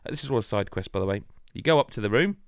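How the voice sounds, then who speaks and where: Animated British man telling a story. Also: lowish voice, rapid-fire, clean tone, no echo, clean studio sound. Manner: animated storytelling, laughing asides. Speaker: podcast host. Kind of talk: casual podcast chat. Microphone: remote video call.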